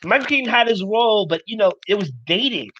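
A man co-hosting a casual chat, giving relaxed, offhand opinions. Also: high-pitched, brisk, muffled recording. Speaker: podcast co-host.

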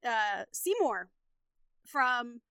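A woman's voice: on the high side, very animated, drawn-out words, creaky, bright, forceful tone, clean tone, dry recording, studio quality. A woman co-hosting a casual movie podcast, talking enthusiastically about actors. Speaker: podcast co-host.

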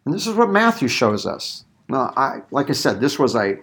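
A man teaching a Bible passage in a conversational sermon, animated and given to acting out quotes. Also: mid-range voice, moderate pace. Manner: animated, acts out quoted voices, thinks aloud with restarts. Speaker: pastor teaching a Bible study.

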